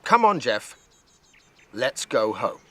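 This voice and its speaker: A man's voice: medium pitch, takes it slowly, no room sound, exaggerated voice. A man voicing a bored, skeptical little girl who speaks matter-of-factly and grows insistent. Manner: flat, matter-of-fact, then insistent.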